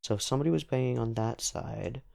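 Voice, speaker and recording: A man's voice: mid-range voice, fast, gravelly, dark tone, no echo, studio quality. A man thinking aloud in casual commentary while he sketches, rambling and trailing off. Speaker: channel host.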